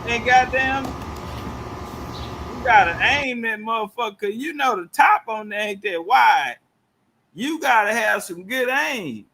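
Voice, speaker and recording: A man's voice: extremely high pitch, gravelly, bright, forceful tone, slight background noise. A man doing loose, profane live commentary, heckling and laughing in heavy slang. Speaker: livestream commentator. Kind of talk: crude casual live commentary.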